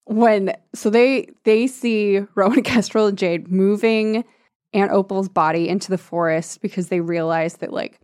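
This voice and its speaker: A woman's voice: medium pitch, measured pace, darkish tone, no echo, studio quality. A woman chatting casually about a book, laughing often, sarcastic, and acting out characters' lines. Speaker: podcast co-host discussing a book. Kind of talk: casual chat.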